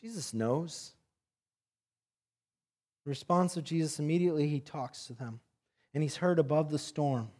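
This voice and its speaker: A man preaching a sermon, telling a story with animation and swinging between loud and soft passages. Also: on the high side, moderate pace, long pauses. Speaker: pastor.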